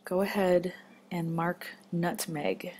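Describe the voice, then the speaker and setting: A woman's voice: fairly low pitch, flat delivery, slow, darkish tone, husky. A woman teaching a children's phonics lesson, patient and encouraging as she marks words step by step.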